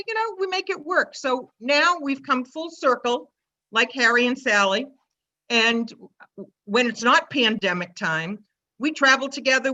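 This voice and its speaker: An older woman in her seventies with a Boston accent tells a personal story in a chatty, lively way. Her voice sits a little high and sounds bright. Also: muffled recording. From Massachusetts. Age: 70s. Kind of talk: personal story told to an online audience.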